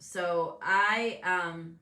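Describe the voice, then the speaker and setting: A woman's voice: fairly low pitch, steady tone, extremely slow, bright, forceful tone, echoey room. A woman hosting a casual motivational talk show, speaking candidly and animatedly, acting out the voices of people she quotes. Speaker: host and business coach.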